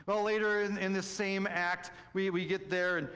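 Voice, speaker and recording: A middle-aged man preaching a sermon as pastor, telling stories animatedly and swinging between loud excitement and soft, hushed moments. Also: sits high, moderate pace, hardly any pauses. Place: church sanctuary. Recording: long church reverb.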